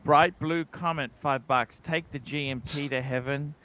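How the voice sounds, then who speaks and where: Aussie man, bright forceful voice, livestream host reading super chats, casual and swearing. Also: a little high, steady tone, a little slow. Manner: reads donor comments aloud, swears casually.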